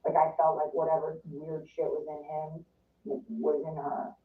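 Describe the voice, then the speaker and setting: A woman's voice: sits low, monotone, measured pace. A woman guest in a casual interview, telling a story in a chatty way, full of "like" and acted-out quotes. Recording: distant, roomy, phone-like sound.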